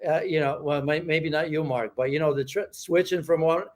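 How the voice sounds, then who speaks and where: A man's voice: a little high, brisk, darkish tone. A man from Poland whose native language is Polish, giving predictions and joking about himself. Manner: joking, self-deprecating. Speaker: football pundit.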